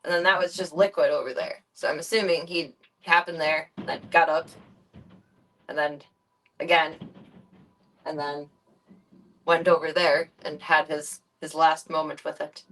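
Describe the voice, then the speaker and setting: Soft-spoken woman coaxing her pet. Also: low voice, little pitch movement, a little slow, pauses often. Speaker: streamer. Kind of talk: casual chat. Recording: distant mic.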